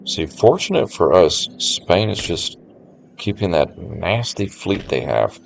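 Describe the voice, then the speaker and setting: Low-voiced man musing through a strategy game. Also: creaky, a little hiss or hum. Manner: thinks aloud, musing to chat. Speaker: game streamer. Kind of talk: casual gameplay commentary. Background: faint game music.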